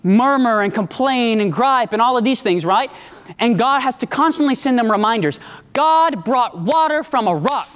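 A high-voiced man delivers an emphatic sermon, calling out to his congregation. His voice carries a long echo through a large church hall. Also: expressive, moderate pace, a bit bright. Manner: call-and-response, emphatic, varied pace. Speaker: preacher.

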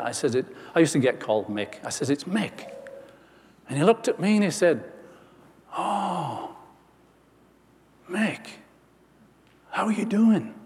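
A man's voice: medium pitch, mellow, big-room sound. A man preaching a sermon, telling a personal story and rising to emphatic preaching.

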